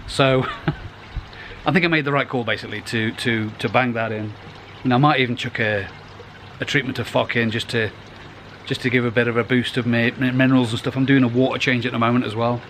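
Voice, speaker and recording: A man's voice: mid-range voice, fairly even intonation, fairly quick, a bit bright, a little hiss or hum. Rambling middle-aged man outdoors. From United Kingdom. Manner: rambling and chatty, restarts phrases. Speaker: koi pond vlogger. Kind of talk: casual vlog. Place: outdoors by a garden pond.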